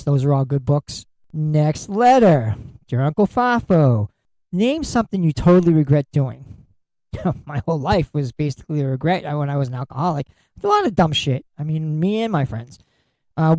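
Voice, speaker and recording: A man's voice: a little high, warm tone, dry recording, poor audio. A middle-aged man hosting a solo podcast, talking bluntly and candidly and swearing freely. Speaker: podcast host.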